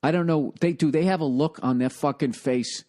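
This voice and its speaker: A man's voice: fairly high pitch, moderate pace, warm tone. A man in his forties from the United States, a comedian hosting his own podcast, telling a rambling story in a profane, exasperated way. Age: 40s.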